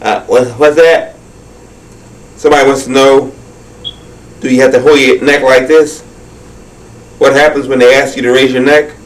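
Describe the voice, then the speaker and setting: A man's voice: mid-range voice, flat delivery, moderate pace, pauses often, distant mic, rough recording. A man hosting a children's magic show, talking viewers through his tricks in a friendly, instructive way.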